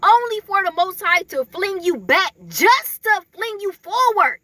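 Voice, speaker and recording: Woman, spiritual messenger: very high, sharp voice, dry close sound, casual filler-heavy delivery. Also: expressive, measured pace, no room sound. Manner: chatty, filler-heavy, laughing often.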